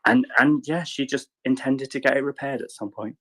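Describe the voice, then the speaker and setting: A man in casual chat, telling a rambling anecdote with lively quoted voices. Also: medium pitch, fairly quick. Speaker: panelist.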